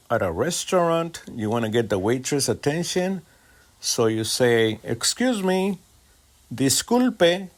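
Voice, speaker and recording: A man from Mexico giving a language lesson, with slow and deliberate delivery and a rising lilt on the example phrases. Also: mid-range voice. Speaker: Spanish teacher.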